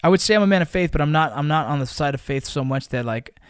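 A man with a slightly raised voice tells a story in casual podcast chat. He curses freely and flares into shouts at the tense moments. The sound is dry and close to the mic. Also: fairly high pitch, fast talker, clear, resonant tone, dry recording. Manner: animated, profane, shouts during exciting moments. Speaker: podcast host.

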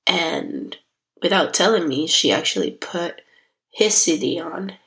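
Gravelly-voiced woman podcast host. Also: lowish voice, expressive, unhurried, fairly bright tone, rough recording. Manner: emotional, heartfelt, chatty. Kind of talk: casual solo podcast talk.

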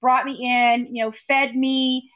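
Podcast guest, woman from Kentucky, higher voice, rambling storyteller on a video call. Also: flat delivery, a little slow, fairly bright tone. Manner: chatty storyteller with many fillers. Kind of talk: casual interview chat over video call.

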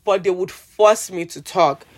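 A woman from Nigeria, speaking with a Nigerian accent, rants in a vlog. Her voice sits at a middle pitch for a woman. She lurches between sharp, loud outbursts and low, weary mutters, full of sarcastic digs and pleading repeats. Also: a little slow. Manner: heated, exasperated ranting with sarcastic jabs and repeated pleas. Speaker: vlogger. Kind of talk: rant vlog.

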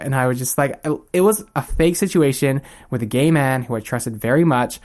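A young man in his twenties, a podcast guest, telling a personal story in a casual, animated way and acting out the people he quotes. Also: medium pitch, normal speed, hardly any pauses.

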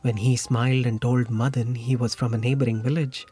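A man narrating a short story in a measured, reflective way. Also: mid-range voice, flat delivery, mellow. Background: faint music.

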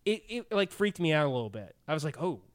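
Animated, giggly man on a podcast. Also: a little high, quick pace. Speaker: podcast co-host. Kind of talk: casual podcast movie review.

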